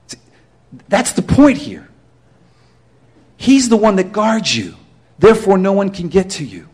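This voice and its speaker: High-voiced man preaching emphatically. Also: a little mellow, breathy edge. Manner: emphatic preaching with rhetorical questions. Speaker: pastor. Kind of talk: sermon.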